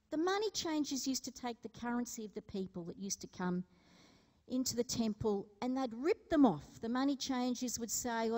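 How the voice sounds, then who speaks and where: In a church hall with big-room acoustics, a woman preacher speaks in a medium-pitched, darkish voice. Her sermon is conversational, full of stories and questions directed at the congregation.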